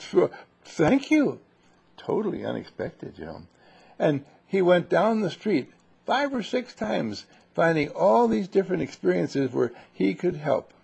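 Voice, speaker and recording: A man telling a bedtime story to children, gentle and animated, with restarts. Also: mid-range voice, gravelly, breathy edge.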